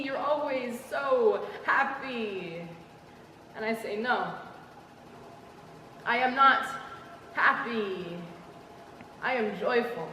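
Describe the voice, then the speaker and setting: A woman's voice: high voice, fairly bright tone, a little hiss or hum. A teenage girl performing a spoken word poem in a school hall with a rhythmic, emphatic cadence. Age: teens. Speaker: student poet. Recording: echoey hall from far off.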